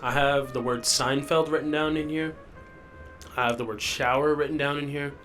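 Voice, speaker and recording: Faint music plays behind a young adult podcast host whose fairly high, bright voice holds a steady tone at a moderate pace. Stuck sick in a rented basement with the sniffles, he rambles on his own, loopy and self-deprecating.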